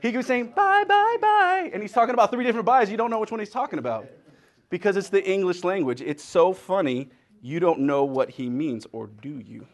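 A man with a fairly high voice delivers a lighthearted sermon. He is middle-aged and animated, jumping between jokes and stories built on wordplay. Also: fairly quick. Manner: animated storytelling with playful wordplay. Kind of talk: humorous sermon.

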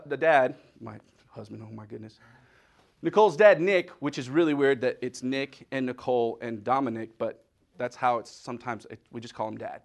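A man with a fairly high voice delivers a lighthearted sermon. He is middle-aged and animated, jumping between jokes and stories built on wordplay. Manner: animated storytelling with playful wordplay. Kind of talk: humorous sermon.

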